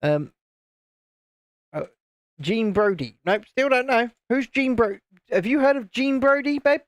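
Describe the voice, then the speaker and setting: A man's voice: extremely high pitch, animated, unhurried, no room sound, lo-fi sound. A man from the UK hosting a casual livestream, chatting and reading out viewer comments while he builds a model. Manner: chatty, reads out viewer comments, chuckles often. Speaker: livestream host.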